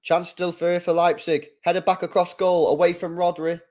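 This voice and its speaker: A man's voice: sits high, flat delivery, normal speed, darkish tone. A young man hosting a live football watchalong, chatting casually with viewers in slang and rambling with restarts. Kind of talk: casual live match commentary.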